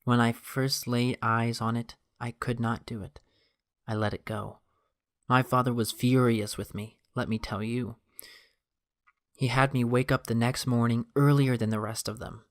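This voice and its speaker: A man reading a quiet, gentle grown man's lines in a subdued, soft tone, with little change from his own voice. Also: mid-range voice, little pitch movement, unhurried, no echo, clean studio sound, close to an everyday voice. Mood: reminiscing.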